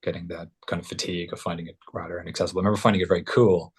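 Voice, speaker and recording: A man co-hosting a podcast in casual chat, thoughtful and measured, with many ums. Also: low voice, level tone, husky. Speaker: podcast co-host.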